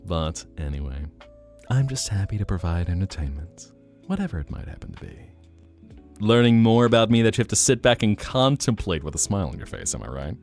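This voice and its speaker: A man's voice: on the low side, big pitch swings, fairly quick, darkish tone, soft background music. A man streaming as a VTuber, chatting casually with his live chat in a playful, teasing way with joking mock denials.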